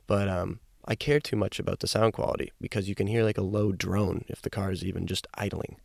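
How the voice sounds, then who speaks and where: A man's voice: low voice, steady tone, fairly quick, creaky, a little mellow, no echo, studio quality. A young man hosting a solo podcast from his parked car, talking loosely into a microphone and swearing freely. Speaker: podcast host. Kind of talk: casual solo podcast rambling.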